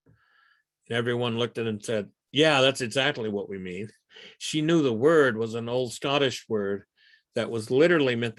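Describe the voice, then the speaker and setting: A man explains ideas in a lecture at a mid pitch, pausing on "uh" and restarting phrases. His voice often sinks softer as a thought trails off. The sound is close and dry. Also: no room sound. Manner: thoughtful, with frequent uh fillers and restarts. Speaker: workshop presenter.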